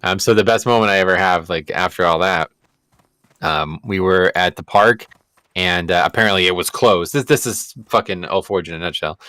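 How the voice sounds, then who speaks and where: Low-voiced man telling a rambling story. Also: moderate pace, bright, forceful tone, smooth, no room sound. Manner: rambling, swears freely, lots of fillers. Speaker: livestreaming gamer. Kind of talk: casual storytelling chat while gaming.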